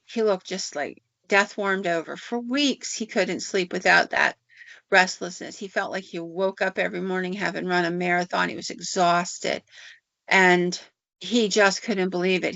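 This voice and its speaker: A woman's voice: on the low side, fairly even intonation, a little slow, vocal fry, sharp tone, dry recording. A woman podcast host telling folklore stories in a folksy, conversational way. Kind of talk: folklore storytelling. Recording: dull lo-fi audio.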